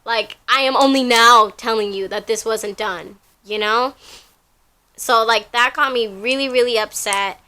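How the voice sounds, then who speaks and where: A woman's voice: fairly high pitch, unhurried, sharp tone, clear, resonant tone. A young woman telling a rambling, casual story from her job, full of fillers and repeats.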